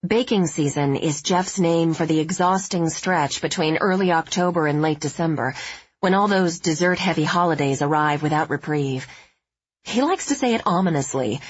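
A woman narrating a novel in the first person with steady, measured storytelling. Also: deep voice, breathy edge, dry recording, highs cut off. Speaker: audiobook narrator.

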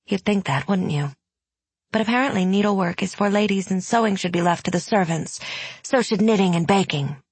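A woman voicing a sly young woman of devout upbringing, prim on top and wicked beneath, pitched higher than her narration with a husky edge. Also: a little fast, no room sound. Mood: wry.

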